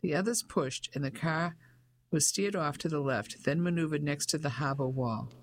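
Narrator, even measured storybook read, mid pitch. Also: slight background noise. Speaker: audiobook narrator. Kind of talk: scripted narration.

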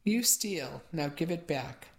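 A woman's voice: deep voice, lively intonation, slow, a little mellow, exaggerated voice. A woman voicing a cranky old woman who speaks broken English and accuses everyone harshly. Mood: accusing. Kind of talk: audiobook character voice.

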